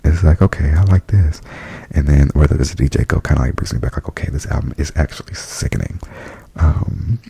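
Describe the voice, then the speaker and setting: A man softly speaking and whispering in a chatty ASMR review, full of fillers, close to the mic. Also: rumbling low, fairly quick, no echo, rough recording. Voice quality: whispery, breathy.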